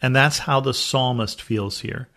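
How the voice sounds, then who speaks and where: A man's voice: medium pitch, a little slow, bright, forceful tone. A man from the United States teaching a Bible study podcast, reading scripture aloud and then explaining it earnestly.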